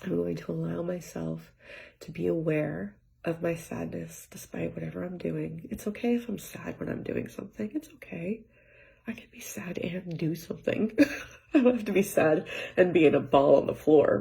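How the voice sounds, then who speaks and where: Brief: woman vlogger, low-ish voice with heavy vocal fry, soft and halting, drifts into near-whispers. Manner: soft-spoken, often trailing into near-whispers; rambling, halting restarts, frequent light laughs. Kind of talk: reflective personal monologue. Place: home with cats.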